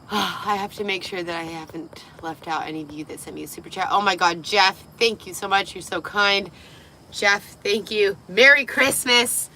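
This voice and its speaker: A tipsy woman livestreaming from a parked vehicle, giggling, swearing freely and getting excitable, her voice partly lost. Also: mid-range voice, moderate pace, a little hiss or hum, low-quality recording. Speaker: livestream host. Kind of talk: tipsy casual livestream chat.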